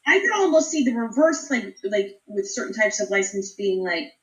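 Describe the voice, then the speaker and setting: A woman's voice: mid-range voice, animated, moderate pace, fairly bright tone. A woman co-hosting a podcast, her voice swooping up and down as she chats and chimes in. she sounds like she's in a roomy, echoing space. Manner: chatty, reacting with short interjections. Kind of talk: casual chat.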